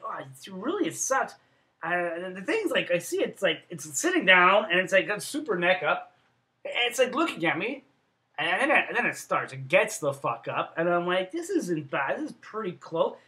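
A man telling a rambling, profane story as a vlogger, jumping between loud outbursts and low mutters. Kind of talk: casual storytelling vlog. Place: Montreal.

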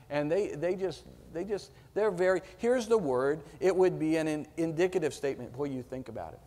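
Slow, emphatic preacher in a reverberant church. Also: male voice, a little high. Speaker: pastor. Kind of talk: sermon. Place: church sanctuary.

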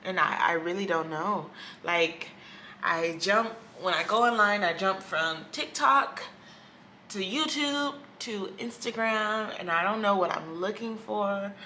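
A woman YouTuber vlogs candidly at home beside a window, speaking into her camera's microphone in a reflective, rambling, hesitant way. Her mid-range voice is bright and forceful, a little slow, with a bit of hiss or hum in the recording.

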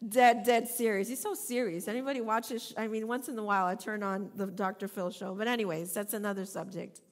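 A woman's voice: mid-range voice, fairly even intonation, brisk. A woman pastor delivering a sermon, emphatic and repetitive, with playful asides.

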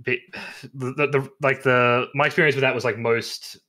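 A man from Australia guesting on a gaming podcast, telling stories in a quick, animated way with restarts. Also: medium pitch. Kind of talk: casual podcast chat.

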